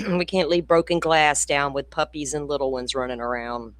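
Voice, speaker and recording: A woman's voice: low-pitched, steady tone, normal speed, dry recording. An older Florida woman, hosting a casual livestream and chatting with viewers by name, laughing and swearing freely. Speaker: true crime channel host.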